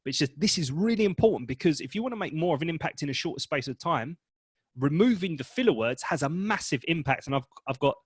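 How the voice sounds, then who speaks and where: Brief: male speaking coach, punchy, blunt, fairly high voice, dry close mic. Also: quick pace, husky, no room sound. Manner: energetic, emphatic and blunt, with mild swearing. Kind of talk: direct-to-camera coaching talk.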